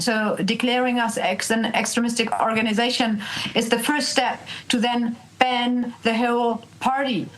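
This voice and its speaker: Lady guest on a remote interview, kinda high voice, lots of uh's and restarts. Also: rough recording. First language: German. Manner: earnest, many uh fillers and restarts. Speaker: guest politician.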